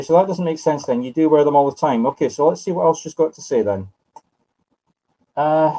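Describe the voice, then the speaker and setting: Here a medium from Scotland, a man in his fifties, holds live spiritual readings where he muses, corrects himself, and calls on sitters by name. His pitch is a little high and his tone mellow, though the recording is rough.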